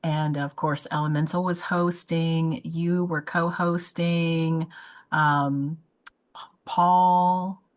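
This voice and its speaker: A woman's voice: low-pitched, fairly even intonation, slow, poor audio. A woman hosting an interview show, talking in an effusive, chatty way with frequent restarts. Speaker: podcast host. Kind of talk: casual interview chat.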